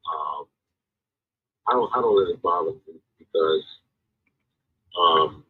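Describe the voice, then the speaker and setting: Deep raspy man on a tinny call. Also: no echo. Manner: rambling, halting, repeats words. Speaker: guest. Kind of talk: casual live-stream conversation.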